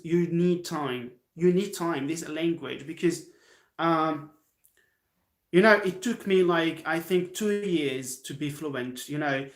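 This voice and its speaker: A man's voice: fairly high pitch, echoey room. An Algerian man with an Algerian accent, a non-native English speaker, giving a live-stream English lesson from home in an encouraging, repetitive way while answering chat. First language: Algerian Arabic. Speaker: English teacher. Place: his home.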